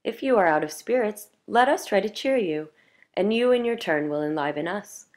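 A woman's voice: low voice, animated, brisk. A woman reading the part of an earnest young man who coaxes and pleads. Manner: pleading, coaxing.

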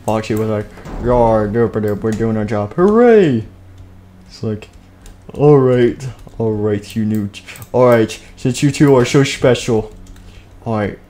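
A man's voice: fairly low pitch, fairly even intonation, measured pace, dark tone. A man narrating a game live stream, jumping between plain storytelling and playful character voices.

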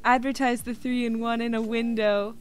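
A woman's voice: fairly high pitch, flat delivery, moderate pace, clean tone, faint music behind. A woman streaming a game, chatting casually and giggly, thinking aloud as she plays. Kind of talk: casual gaming stream chat.

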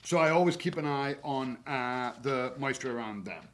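A man who works as a horticulturist talks at a moderate pace through caring for a garden in spring, drawing practical tips from his own yard. The webinar is easygoing and instructional; his ordinary mid-range voice is chatty and full of fillers like "uh" and "um," and he jokes when he slips up.

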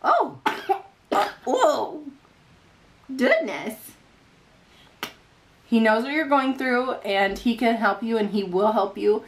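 A woman's voice: on the high side, steady tone, normal speed, hardly any pauses, slight background noise. A young woman vlogging at home with her baby, telling a story in an earnest, heartfelt way and rambling in long run-on sentences. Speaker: mother vlogging about faith. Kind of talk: casual faith vlog.

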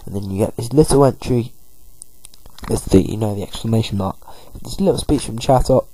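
A man's voice: fairly low pitch, fairly quick, mellow, slightly rough, low-quality recording. A man giving a chatty, rambling walkthrough of a video game as its commentator.

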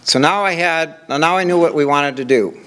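A man's voice: fairly high pitch, normal speed, fairly bright tone. An older man from Minnesota giving a conversational conference presentation, walking through examples with rhetorical questions. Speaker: conference speaker.

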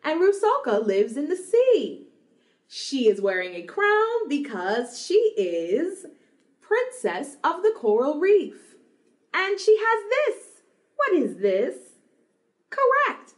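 A young woman teaching small children about singing, talking slowly and brightly, with lots of praise and sung examples. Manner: warm praising, sings examples, owl hoots and drum booms. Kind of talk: slow, sing-song lesson for small children.

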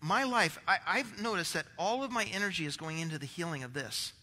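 High bright-voiced pastor preaching in a hall. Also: male voice, animated, fairly quick. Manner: conversational, rambling with restarts. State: out of breath. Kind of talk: sermon.

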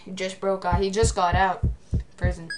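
A teenage girl giving excitable gameplay commentary, often shouting at the game. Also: mid-range voice, normal speed, noisy background.

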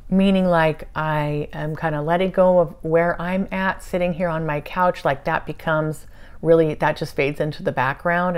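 A woman casually recounting a spiritual session from home, meandering and soft-spoken with many fillers. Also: deep voice. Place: at home on a couch.

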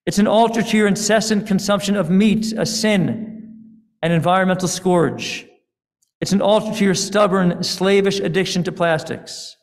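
A man's voice: a little high, expressive, slow, gravelly, full character voice. A man voicing a stern, accusing God. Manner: accusing, declaiming. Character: angry weary God, male, commanding. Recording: long hall reverb.

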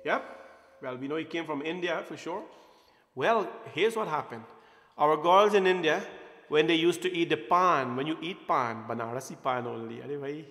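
Speaking at a normal speed in a slightly high, fairly bright voice, a temple speaker leads a playful, informal satsang talk and often asks his listeners questions. The temple hall adds a roomy echo.

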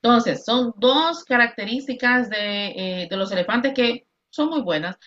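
Bright-voiced woman teacher, lo-fi call. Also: fairly high pitch, lively intonation, a little hiss or hum. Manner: drills words slowly, switches between English and Spanish. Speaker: English teacher. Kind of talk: online class instruction. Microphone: video call. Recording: lo-fi video call audio.

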